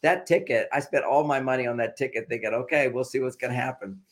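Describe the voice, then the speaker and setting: A man telling a personal story casually as a podcast guest, animated and laughing, acting out quotes in a raised voice. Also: mid-range voice, quick pace.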